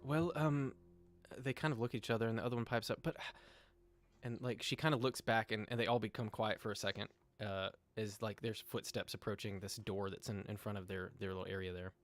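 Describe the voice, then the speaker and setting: A man's voice: on the low side, steady tone, quick pace. A man narrating as game master of a tabletop game, rambling with many fillers.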